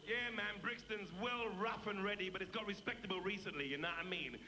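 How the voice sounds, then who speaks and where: A man's voice: high voice, fairly quick, voice pushed up, lightly acted. A man playing a brash, boastful young Brixton man with a South London accent in a stand-up character act. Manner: boastful, swaggering patter. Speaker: comedian in character. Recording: roomy noisy live tape.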